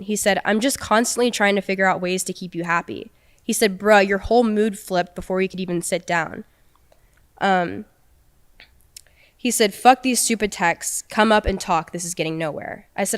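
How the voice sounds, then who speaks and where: As a podcast guest, a young woman casually recounts a story from her own life, quoting the conversation. Her mid-range voice is clear and resonant.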